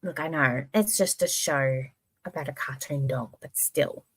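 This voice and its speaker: A woman hosting a casual livestream, rambling and expressive, swearing casually and reading chat comments aloud. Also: sits low, unhurried, breathy edge. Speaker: livestream host.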